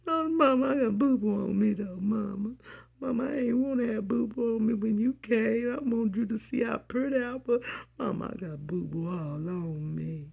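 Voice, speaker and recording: A woman's voice: a little high, moderate pace, gravelly, a little mellow, breathy edge, pitched above the performer's own voice, heavily acted. A woman voicing her small childhood self, a crying little girl covered in filth who pleads with her mother in a whiny, tearful way. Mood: pleading.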